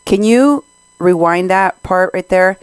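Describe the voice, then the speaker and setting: A woman's voice: fairly low pitch, takes it slowly, background noise. A Mexican American woman hosting a podcast, commenting on recorded clips in an indignant, sarcastic way. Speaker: podcast host.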